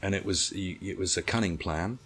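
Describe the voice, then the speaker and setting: Low-voiced man spinning comic yarns. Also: a little fast, a little hiss or hum. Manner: animated, profane, comic storytelling. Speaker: guest storyteller. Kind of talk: casual anecdote telling.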